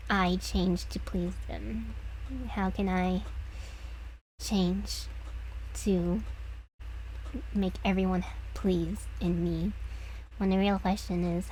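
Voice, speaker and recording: A woman vtuber talks slowly and thoughtfully while she draws on stream, musing aloud and laughing now and then. Her pitch sits in a middle range for a woman. A faint hiss of background noise sits under her desk microphone. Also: warm tone, low-quality recording. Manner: reflective, musing, laughs often. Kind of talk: casual stream chat while drawing.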